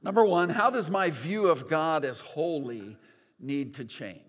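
Older pastor preaching with lively, folksy warmth. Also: male voice, on the high side, measured pace. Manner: animated, folksy, self-deprecating humor. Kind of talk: sermon. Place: church sanctuary. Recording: long church reverb.

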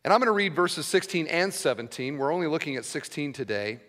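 A male pastor delivers a sermon in a conversational teaching style, often pausing to ask "okay?". His fairly high voice swings widely in pitch. The sound rings with the long reverb of a church hall. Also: animated, fairly bright tone. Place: church sanctuary.

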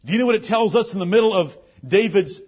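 Husky high-voiced preacher, very animated. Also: male voice, quick pace, muffled recording. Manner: emphatic preaching with King James scripture quotes. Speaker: pastor. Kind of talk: sermon.

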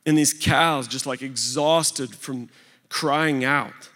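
A man telling a sermon story to a large church gathering, animated and swinging between loud and hushed delivery. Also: mid-range voice, takes it slowly. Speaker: speaker at a church recovery gathering. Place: large church hall before a big crowd. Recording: long hall reverb.

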